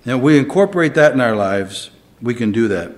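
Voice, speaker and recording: A man preaching a sermon, moving between quiet reflection and emphatic, rising delivery. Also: medium pitch, lively intonation, fairly quick. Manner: dynamic, swings between soft and emphatic.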